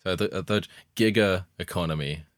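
Young man, low voice, deadpan, halting, dry close sound. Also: dry recording. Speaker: podcast co-host. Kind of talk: casual chat.

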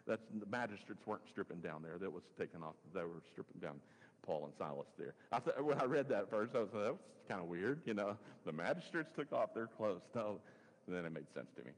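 A man's voice: sits low, lively intonation, brisk. A male pastor preaches a sermon and reads scripture in a conversational way, musing aloud with chuckling asides. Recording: long hall reverb.

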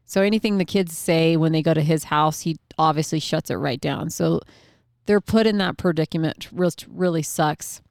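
A woman's voice: low-pitched, moderate pace, creaky, darkish tone, no echo, clean studio sound. A middle-aged woman telling a personal parenting story in a candid, emotional way, with lots of casual fillers. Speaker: mother sharing a parenting story.

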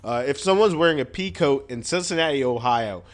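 A man co-hosting a podcast, talking in a deliberate, wry way and often correcting himself. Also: medium pitch, expressive. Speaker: podcast co-host. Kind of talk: casual joking chat.

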